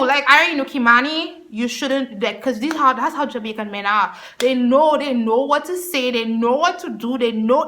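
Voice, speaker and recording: A young woman telling a personal story to her camera, chatty and animated, breaking into laughter often. Her voice sits high and sounds bright and clear. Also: fairly quick. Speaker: vlogger. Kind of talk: storytime vlog.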